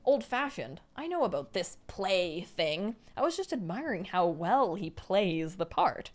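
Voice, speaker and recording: A woman's voice: medium pitch, sing-song, measured pace, pitched below the performer's own voice. Woman reading as a mildly protesting dad. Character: defensive middle-aged father.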